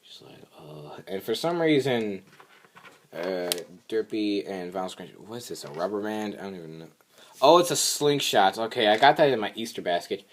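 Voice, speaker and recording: At a normal speed and with an animated tone, a young man who vlogs regularly rambles through a recap of a cartoon episode, full of filler. There's slight background noise, and quoted lines come out in squeaky voices.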